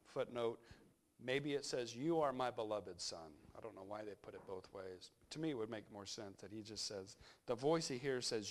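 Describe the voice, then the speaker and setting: A male pastor giving a conversational sermon, reflective and unhurried, thinking aloud as he goes. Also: medium pitch, animated, fairly bright tone.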